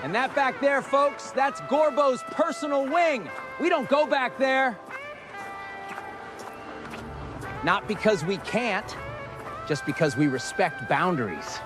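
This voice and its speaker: A man's voice: very high-pitched, very animated, a little slow, full character voice. A man voicing an overexcited male water park tour guide with showman announcer patter. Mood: hyped. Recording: music bed behind voice.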